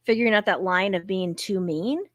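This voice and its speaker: A woman's voice: mid-range voice, a little fast, no echo. Profane joking woman podcast host. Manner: profane, joking, deadpan bits. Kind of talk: casual chat.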